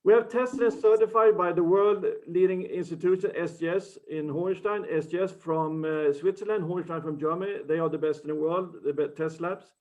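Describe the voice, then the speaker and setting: A man from Sweden giving an earnest business pitch, with slightly broken phrasing and restarts. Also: steady tone, a little fast, hardly any pauses, darkish tone. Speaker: startup founder pitching. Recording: muffled lo-fi video call audio.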